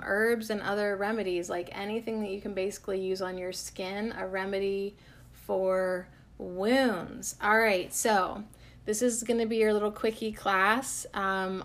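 A woman's voice: mid-range voice, fairly bright tone. A woman hosting a casual herbal podcast lesson, talking in a playful, chatty and self-deprecating way.

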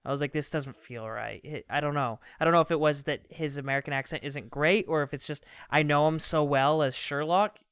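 A man chatting casually about movies, animated and quick in bursts. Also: a little high, smooth, no echo.

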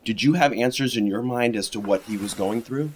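A man's voice: medium pitch, brisk, slight background noise. A man interviewing an actor, asking engaged, conversational questions.

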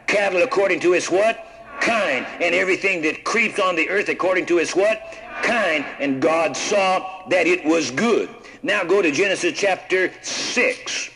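A man's voice: high voice, fairly bright tone, rough recording. A man preaching a sermon, reading scripture aloud and prompting the congregation to answer with "what?". He often repeats words and restarts his sentences.

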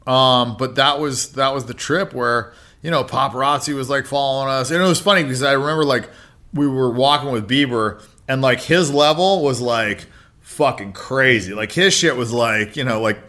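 A man's voice: mid-range voice, moderate pace, pushed and bright. An American man in his thirties, a podcast guest telling stories in a laid-back way, swearing often and filling with "like" and "you know". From United States. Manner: laid-back, heavy swearing, many fillers. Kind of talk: casual storytelling.

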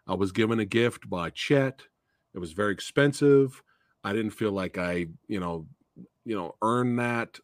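Man retelling film scenes, low voice. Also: no echo, clean studio sound. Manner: animated retelling of film scenes, acting out the characters' lines. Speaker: podcast host. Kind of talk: casual movie discussion.

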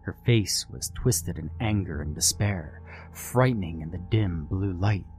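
Slow low-voiced horror narrator man. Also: animated, darkish tone, faint music behind.

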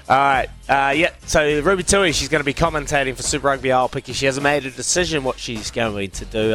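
A man's voice: mid-range voice, fairly bright tone. A man with a New Zealand accent hosting a radio quiz, joking and laughing with callers. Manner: joking, laughs often, calls callers mate and brother. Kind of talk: casual radio banter.

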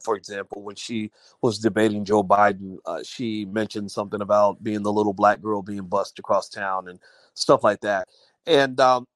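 A man with a lowish voice hosts an audio-only livestream, chatting casually with his viewers and reading out their comments. His speech is full of fillers and restarts, and the recording has no echo.

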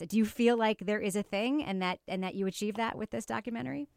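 A woman's voice: a little high, brisk, hardly any pauses, smooth, no room sound, studio quality. A woman hosting an interview, curious and chatty, laughing easily as she asks questions. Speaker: interview host. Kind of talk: conversational interview.

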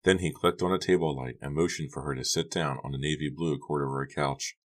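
A man narrating an audiobook in a steady storytelling delivery. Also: rumbling low, brisk.

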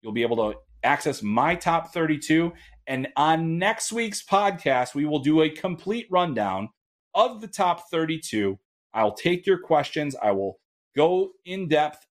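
A man hosting a hockey prospect podcast, talking casually and loosely with frequent fillers and restarts. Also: fairly high pitch. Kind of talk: casual solo podcast talk.

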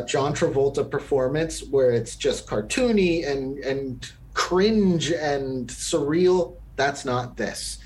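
Man, podcast co-host, casual film review, opinionated, frequent ums and restarts, mid pitch.

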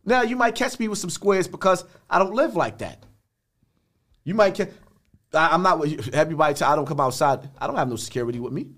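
A man's voice: fairly high pitch, animated, quick pace, a bit bright. An older man, a podcast guest talking bluntly in street slang with many restarts. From the Bronx, New York. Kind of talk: podcast interview.

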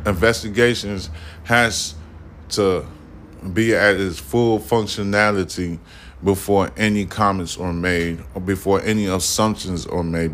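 A man's voice: low-pitched, fairly bright tone. A man hosting his own solo podcast, ranting heatedly and with lots of swearing, often turning to the listener to drive his point home. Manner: addresses listeners directly, repeats points. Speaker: podcast host.

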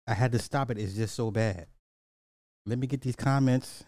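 A man's voice: mid-range voice, moderate pace, mellow, no echo, clean studio sound. A man, reacting to music clips in casual commentary, blunt and petty, drawing out repeated words. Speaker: reaction streamer.

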